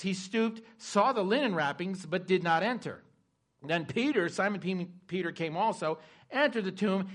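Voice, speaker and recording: A preacher man with a fairly high voice delivers a sermon and retells a scripture story with drama. He moves between loud emphasis and soft, hushed asides. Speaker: pastor.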